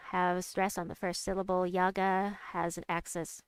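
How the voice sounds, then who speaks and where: A young adult woman chatting casually while she plays a game, reading out and answering her chat and squealing with excitement at big moves. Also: on the low side, moderate pace, gravelly, clean tone, dry recording. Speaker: game streamer. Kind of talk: casual gameplay commentary.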